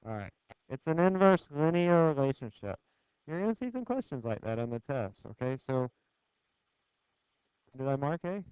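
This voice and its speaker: A man's voice: fairly high pitch, very animated, normal speed, pauses often, clear, resonant tone, dry recording. A man giving a physics lecture, putting questions to the class in a conversational, joking way. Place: lecture hall. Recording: dull lo-fi classroom screencast audio, dry.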